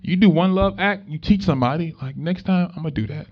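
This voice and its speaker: A young man giving a motivational talk to students, telling stories in an animated, conversational way with street slang. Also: a little high, fairly quick. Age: young adult. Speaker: motivational speaker. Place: room with a live student audience. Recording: dull lo-fi recording.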